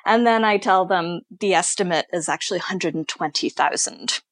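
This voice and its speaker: A woman tour guide being interviewed, telling stories in an unhurried, thoughtful way. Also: on the low side, dry recording. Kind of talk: conversational storytelling interview.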